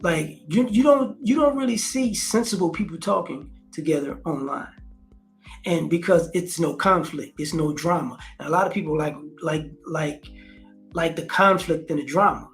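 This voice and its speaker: A man's voice: a little high, normal speed, faint music behind. A man hosting a casual commentary vlog, talking in slang, repeating phrases and acting out quotes. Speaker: host.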